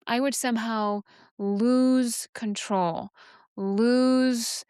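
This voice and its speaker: A woman's voice: on the high side, steady tone, very slow, darkish tone, clean tone, no echo, studio quality. A woman who teaches sexuality, explaining a step-by-step inner process in a frank, candid way, often restarting her sentences. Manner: frank, thinks aloud, many restarts and fillers. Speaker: sexuality educator and podcast host.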